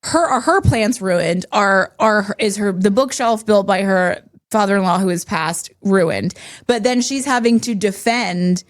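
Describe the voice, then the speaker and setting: A woman co-hosting a podcast, telling a homeowner's story in casual chat, animated and quick to laugh when stressed. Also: medium pitch. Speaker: podcast co-host.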